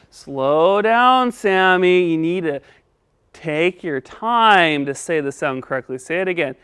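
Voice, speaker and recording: A man's voice: a little high, expressive, unhurried, a bit bright, smooth, dry recording, clean studio sound. A man hosting a children's speech lesson, patiently coaching a puppet. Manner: patient and encouraging. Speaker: host.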